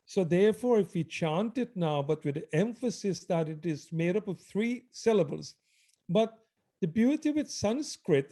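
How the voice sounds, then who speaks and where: Man, mantra teacher, high voice, slow pace, reverent devotional instruction. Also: warm tone. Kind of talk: devotional prayer and chanting instruction.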